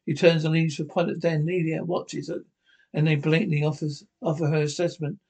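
A man reading aloud a fan-written scene description of a TV episode, halting and often stumbling and repeating words. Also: a little high, flat delivery, gravelly, darkish tone, breathy edge. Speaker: narrator.

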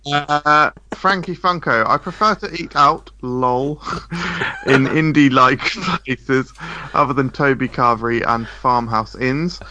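A man's voice: medium pitch, slow pace, sharp tone, muffled recording, a little hiss or hum. A man co-hosting a podcast in casual chat, playful and reading listener comments aloud. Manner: playful, puts on a mock night-radio voice.

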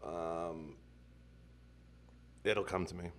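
A man with a fairly low voice hosts a loose, casual chat. He jokes around and laughs easily, keeping the talk light. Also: steady tone, very slow, fairly bright tone.

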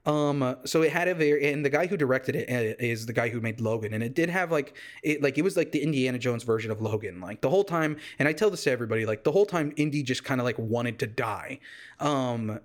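A man's voice: mid-range voice, quick pace. A young man from Texas hosting a casual solo podcast, rambling loosely and jokily with lots of fillers and restarts. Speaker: podcast host. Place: warm home room with a fan running.

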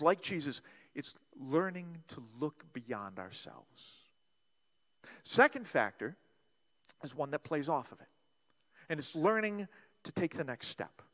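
A man delivers a sermon as pastor in a high, lively voice that leaps up and drops away as he acts out the quoted voices. He swings between loud bursts and quiet, slow passages. A long reverb from the hall trails behind him.

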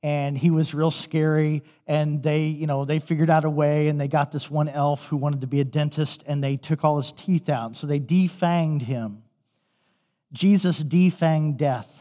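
A male pastor delivers a sermon in a conversational, storytelling manner, his voice sitting a little high for a man. The sound is somewhat dull and muffled, and it rings with the long reverb of a church sanctuary. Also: fairly even intonation, unhurried, dark tone.

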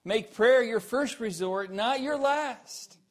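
A man preaching a sermon, earnest, asking the listeners questions, rising to emphatic peaks and then dropping low and quiet. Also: slow.

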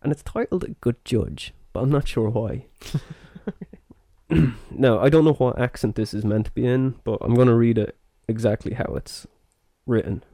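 A man's voice: mid-range voice, moderate pace, warm tone, no room sound, studio quality. A man hosting a podcast in casual chat, chatty with many fillers. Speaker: podcast host.

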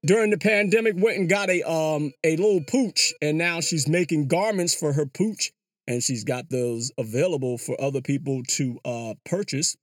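A man's voice: on the high side, normal speed, no room sound, clean studio sound. A man hosting his own podcast, talking casually and loosely, full of "yo" and restarts, from a small enclosed booth. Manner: loose and rambling, peppered with "yo" and restarts. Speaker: podcast host. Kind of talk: casual solo commentary. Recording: clear background music.

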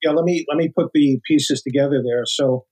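A man's voice: fairly high pitch, fairly quick, husky, rough recording. An older man, a former agent, telling stories in an interview with many restarts. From United States. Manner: animated anecdotes, acts out quoted voices, many restarts. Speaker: guest, former FBI agent. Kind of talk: storytelling interview talk.

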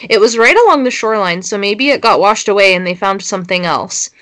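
A woman's voice: medium pitch, lively intonation, a little fast, fairly bright tone, no room sound. A young woman, co-hosting a casual chat and reading social media posts aloud. She giggles and swears freely.

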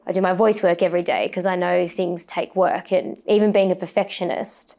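A woman's voice: lowish voice, little pitch movement, fairly quick, warm tone. A woman, a sports presenter, chatting as an interview guest with lots of fillers and restarts. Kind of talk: casual interview chat.

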